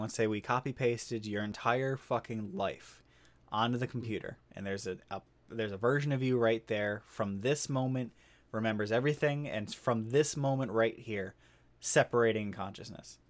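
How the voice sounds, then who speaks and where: A man hosting a podcast in a middle-pitched voice, rambling through his thoughts with plenty of swearing and restarts. His voice is recorded dry and close, with no room sound. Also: a little slow, no room sound. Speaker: podcast host. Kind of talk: casual chat.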